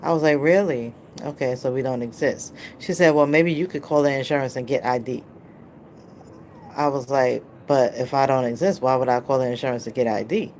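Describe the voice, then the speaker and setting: A woman with a strikingly deep, low voice tells a story to camera in a loose, rambling way, leaning on "um" and "you know" as she acts out both sides of a conversation. Faint room noise sits behind her. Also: fairly quick, a little mellow. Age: adult, mother of a child. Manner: rambling, filler-heavy, recounts dialogue. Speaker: vlogger.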